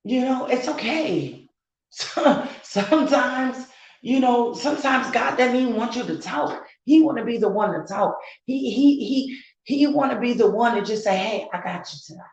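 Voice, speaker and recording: A woman content creator speaking earnestly and emotionally on a live stream, halting as she talks. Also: fairly high pitch, a little mellow, roomy sound, lo-fi sound. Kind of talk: heartfelt live-stream talk.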